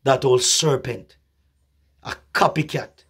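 A man preaching a sermon slowly and emphatically, repeating phrases, with a husky voice and an occasional cough. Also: medium pitch, fairly bright tone. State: coughing, clearing throat.

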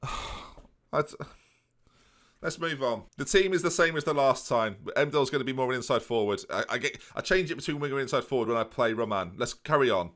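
A man narrates a football management game with playful jokes and asides to his viewers. His pitch swings around a lot as he talks. He keeps his voice at a medium pitch. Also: lively intonation, brisk, a bit bright. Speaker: gaming commentator. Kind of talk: let's play commentary.

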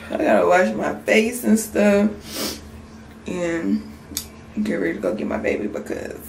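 A woman's voice: medium pitch, measured pace, creaky, a little mellow, slight background noise, rough recording. A woman in her twenties, a young mom, chatting casually to her viewers in a vlog just after waking up, sleepy, with speech. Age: 20s. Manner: chatty, candid, talks straight to viewers. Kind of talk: casual vlog chat to camera.

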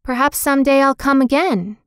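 A woman's voice: high voice, normal speed, no room sound, studio quality, pitched above the performer's own voice, close to an everyday voice. Brief: woman voicing young boy in a storybook, cheerful, trusting, affectionate. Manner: bright, friendly, openly affectionate.

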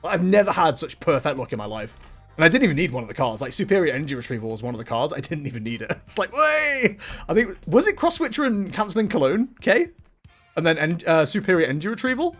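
A man's voice: fairly high pitch, very animated, quick pace. A man live-streaming a card game, chatting casually, joking about himself and laughing often. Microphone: desk microphone, webcam. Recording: music playing faintly behind.

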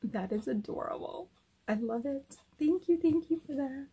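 A woman craft vlogger unboxing a gift package, gushing over each item and repeating how cute everything is, now and then dropping to a soft whisper. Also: sits high, animated, moderate pace, muffled recording, slight background noise. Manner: gushing, says "cute" and "oh my gosh" constantly. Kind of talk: casual unboxing chat to camera.

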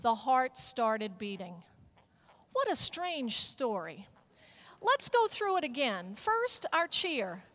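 Middle-aged woman, high voice, energetic keynote speaker with audience chants. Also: slow pace. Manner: animated storyteller, leads call-and-response chants. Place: conference hall stage.

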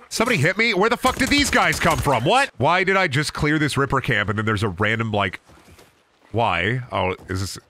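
A man's voice: mid-range voice, slight background noise. A young man streaming a video game, ranting and joking with lots of swearing. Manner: profane, jokey rants, swings into loud silly bits. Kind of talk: casual gameplay commentary.

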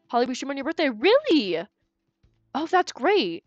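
A woman's voice: high-pitched, big pitch swings, moderate pace, dry recording, lo-fi sound, soft background music. A woman streamer giving live game commentary in a chatty, giggly way, thinking aloud and stumbling over repeated words.

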